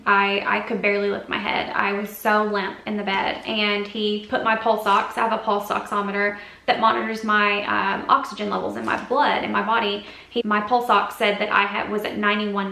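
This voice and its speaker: A woman's voice: mid-range voice, creaky, bright, forceful tone. A woman vlogger giving an earnest, rambling, confessional update to her camera's built-in mic indoors. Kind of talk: personal health update to camera. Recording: echoey room sound.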